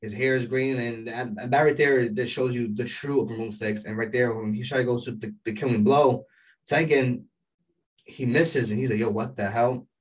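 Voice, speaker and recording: A man giving a casual, rambling recap of an anime episode, excitable and full of fillers. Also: medium pitch, moderate pace, recorded from a distance, poor audio.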